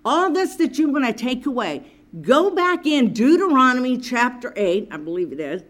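A woman's voice: high-pitched, sing-song, moderate pace. A woman preaching a sermon, earnestly reading and explaining scripture to her listeners.

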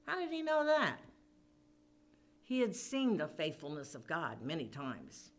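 A woman's voice: medium pitch, huge pitch swings, measured pace, a bit bright. A woman preaching a sermon, retelling a scripture story in an emphatic, dramatic way. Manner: emphatic, dramatic, acts out quoted voices.

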